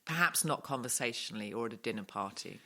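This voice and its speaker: A woman's voice: a bass voice, animated, fast, pushed and bright. A woman co-hosting a podcast, chatting casually and telling stories with dry humor. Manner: dry, wry storyteller. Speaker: podcast co-host. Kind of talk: casual chat.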